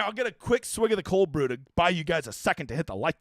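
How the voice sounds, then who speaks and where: A man's voice: on the high side, quick pace, few pauses, no room sound, studio quality. A young man hosting a live fantasy football stream, reading viewer questions aloud and answering casually with plenty of swearing. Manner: animated, swearing, reads chat questions aloud. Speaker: fantasy sports livestream host.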